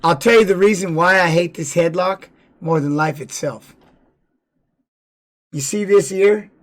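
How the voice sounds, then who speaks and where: A man's voice: high-pitched, measured pace. A man giving casual live-stream commentary on fight videos, blunt and profane, repeating words for emphasis.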